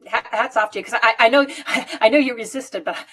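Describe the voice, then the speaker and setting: A woman hosting an interview, chatty and quick to laugh, with a slightly husky voice. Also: on the high side, fairly bright tone. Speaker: podcast host. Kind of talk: conversational interview.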